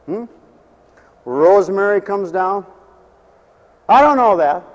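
A man's voice: sits high, animated, slow, dull audio. A middle-aged or older man preaching a folksy, joking sermon that rises into fervent hallelujahs. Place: church mission hall. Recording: echoey hall.

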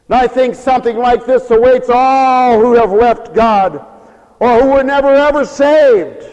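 A man preacher telling a story as a sermon, animated and emphatic. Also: very high-pitched, a little slow, long reverb tail, muffled recording.

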